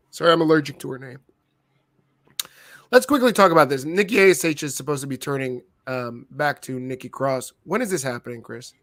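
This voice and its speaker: A man co-hosting a casual wrestling review show, animated and joking, swearing freely. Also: medium pitch. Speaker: podcast co-host.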